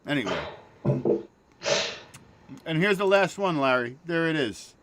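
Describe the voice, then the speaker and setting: A man hosting a casual livestream, excitable, swearing and laughing often, trailing off mid-sentence. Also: fairly high pitch, measured pace, heavy background noise. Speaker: show host.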